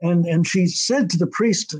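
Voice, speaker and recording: A man's voice: sits high, measured pace, husky. An older American man telling a story in an interview, rambling with many restarts and fillers. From United States. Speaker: TV writer-director being interviewed.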